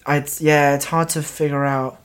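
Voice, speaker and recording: A woman's voice: sits low, level tone, moderate pace. A woman from Cornwall with a Cornish accent, co-hosting a podcast, reading out facts in giggly, rambling casual chat. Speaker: podcast co-host.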